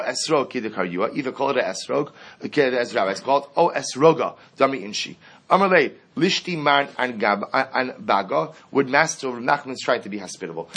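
A man giving a Talmud lesson, reading Aramaic lines and explaining them in English with lively emphasis. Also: mid-range voice, slightly rough. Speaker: Talmud teacher. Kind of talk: Talmud class lecture.

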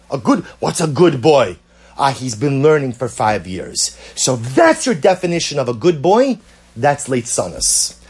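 A man's voice: fairly high pitch, darkish tone, husky. A man teaching a Torah lecture, emphatic and repetitive, asking rhetorical questions. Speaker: rabbi.

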